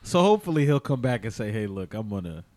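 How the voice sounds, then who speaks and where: A man's voice: on the low side, very animated, fast, darkish tone. A man co-hosting a show, reacting with jokes and laughs in casual chat. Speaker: radio show co-host.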